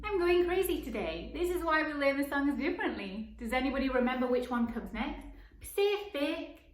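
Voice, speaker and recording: A woman teaching young children at circle time, gently encouraging them and slowly singing and counting along. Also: high voice, animated. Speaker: preschool teacher. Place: home room, live stream. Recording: echoey room.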